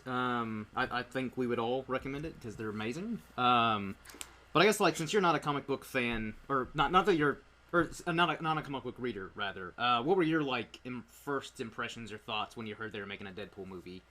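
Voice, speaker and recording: Host, male, from Ireland, medium pitch, loose rambling delivery full of ums. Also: animated, fairly quick, bright, forceful tone. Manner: rambling, filler-heavy storytelling. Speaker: host of a movie review. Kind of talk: casual chat.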